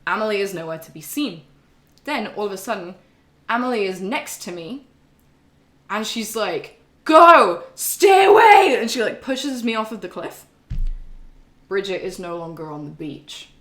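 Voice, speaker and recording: A woman's voice: mid-range voice, lively intonation, moderate pace, long pauses. Woman streamer rambling in a roomy space. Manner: swears freely, lots of ums and laughs. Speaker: live streamer recapping a game. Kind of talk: casual rambling recap to chat. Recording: roomy echo.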